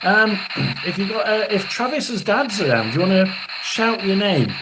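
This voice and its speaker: A man in his sixties doing a live tarot and spirit reading as a psychic medium, halting and rambling, often clearing his throat. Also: high-pitched, animated, very noisy.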